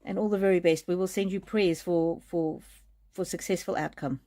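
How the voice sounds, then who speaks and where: Gentle woman giving a live card reading. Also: on the low side, steady tone, normal speed. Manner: gentle, reassuring, with frequent restarts. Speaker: oracle card reader. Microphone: streaming mic.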